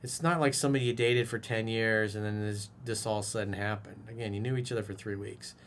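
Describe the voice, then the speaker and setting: A man's voice: fairly low pitch, steady tone, quick pace, a little hiss or hum. A man who works as a dating coach, giving blunt, profane advice in a casual monologue and scolding the listener like a buddy. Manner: casual bro-talk, direct address. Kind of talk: advice monologue reacting to a viewer's message.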